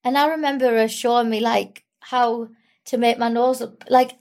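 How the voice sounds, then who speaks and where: A woman's voice: on the high side, steady tone, moderate pace, darkish tone. A young woman talking candidly and tearfully in an interview, rambling and full of fillers. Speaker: guest. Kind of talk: emotional personal interview.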